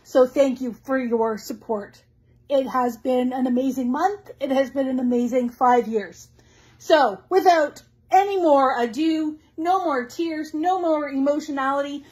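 High-voiced chatty woman hosting a live stream. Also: unhurried. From Canada. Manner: chatty and effusive, reads viewer comments aloud. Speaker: craft store owner hosting a live stream. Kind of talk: casual live-stream announcements.

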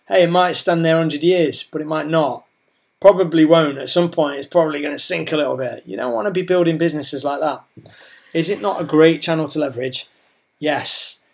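A man talking casually about his online business plans, rambling and repeating himself as his voice starts to give out. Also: on the high side. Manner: rambling, chatty, repeats words and restarts. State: losing his voice. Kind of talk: casual talk to camera.

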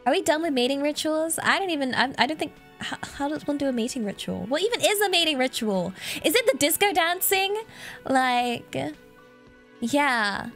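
A woman's voice: high-pitched, lively intonation, normal speed, a bit bright, soft background music. A woman streamer giving playful, rambling commentary while playing a game and reading its text aloud. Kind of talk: casual gameplay commentary.

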